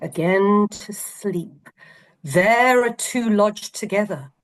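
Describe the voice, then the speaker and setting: A woman reading the lines of a cold-nerved noblewoman in a script exercise, soft and drawn out, some lines whispered. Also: medium pitch, slow pace, lightly acted. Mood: hushed. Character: cold-nerved noblewoman urging her husband. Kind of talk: script read-aloud exercise.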